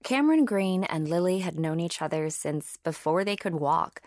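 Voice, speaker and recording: Audiobook narrator, woman, low-ish and dry, steady storyteller. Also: moderate pace, dry recording. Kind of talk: scripted narration.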